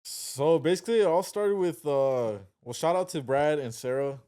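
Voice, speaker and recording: A man's voice: fairly high pitch, normal speed, dark tone, clean tone. A man from Chicago, a guest on a podcast, talking in a laid-back, rambling way. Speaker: podcast guest, video editor. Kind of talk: casual podcast chat.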